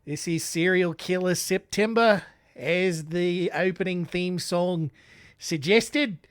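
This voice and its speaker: A man's voice: sits high, takes it slowly, clear, resonant tone, no room sound, clean studio sound. A podcast host, a man, rambling in a put-on Australian accent, mocking himself between lots of fillers. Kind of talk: casual monologue.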